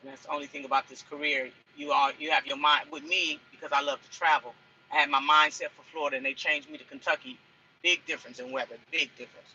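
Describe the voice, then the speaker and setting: A woman's voice: low-pitched, fairly even intonation, fast talker, bright, forceful tone, husky, lo-fi sound. A woman truck driver chatting in a casual cooking vlog from inside her truck cab. She rambles and repeats herself as she talks.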